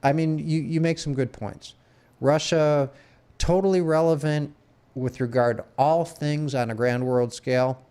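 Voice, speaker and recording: A man co-hosting a casual podcast, talking in a laid-back way with swearing and halting restarts. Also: a little high, fairly even intonation, warm tone, clear, resonant tone. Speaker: podcast co-host. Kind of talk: casual chat.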